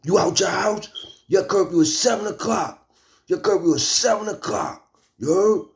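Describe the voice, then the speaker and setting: A man's voice: mid-range voice, expressive, moderate pace, mellow, pitched above the performer's own voice, natural voice. A man doing a barking, threatening parole officer. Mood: yelling. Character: harsh male parole officer, yelling, antagonizing.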